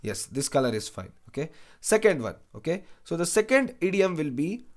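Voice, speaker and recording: A man's voice: fairly high pitch, very animated, normal speed, darkish tone. A young man teaching an online exam-prep lecture, repeating phrases and asking "right?" after most lines, with Hindi asides. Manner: mixes English with Hindi asides. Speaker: educator.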